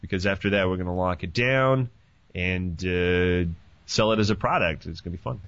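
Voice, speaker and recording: Profane, animated man hosting a podcast. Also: low-pitched, normal speed, no echo. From Canada. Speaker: podcast host. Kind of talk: casual podcast chat. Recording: dull lo-fi dry sound.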